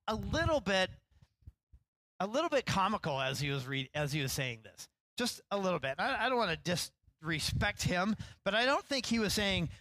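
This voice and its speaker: Bright-voiced man preaching a casual sermon. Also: a little high, dry recording, low-quality recording. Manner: conversational, self-deprecating, acts out lines with rising animation. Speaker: pastor. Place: church.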